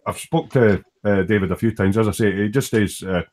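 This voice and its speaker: A man's voice: fairly low pitch, a little fast, darkish tone. A Scottish man hosting a casual online model-building chat, talking with lots of fillers and restarts. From Scotland. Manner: hesitant, many fillers and restarts. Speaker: host of a model-building live stream.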